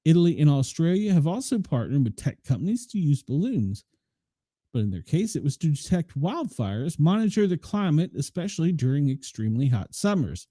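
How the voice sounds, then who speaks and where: A man's voice: fairly high pitch, dark tone, no echo, studio quality. A man hosting a news show, reading stories aloud and breaking in with blunt, opinionated asides. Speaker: news commentary host.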